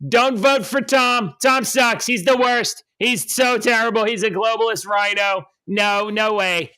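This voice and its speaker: A man's voice: high-pitched, fairly even intonation, bright, forceful tone, clean tone, pitched above the performer's own voice. A man doing a brash, boastful old politician. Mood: scornful. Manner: slow, emphatic, blunt put-downs.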